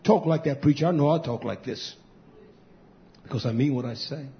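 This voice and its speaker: A male pastor preaching a fiery sermon, swinging from loud shouting to hushed near-whispers and repeating key phrases. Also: mid-range voice, normal speed, a little hiss or hum. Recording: dull lo-fi recording.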